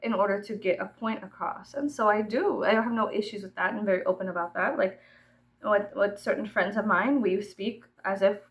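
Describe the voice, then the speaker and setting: A woman's voice: mid-range voice, moderate pace, low-quality recording. A woman from Texas with a Texan accent, rambling casually and profanely, often laughing and dropping to a murmur. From Texas, USA. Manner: giggly, profane, freewheeling, drops to murmurs. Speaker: vlogger.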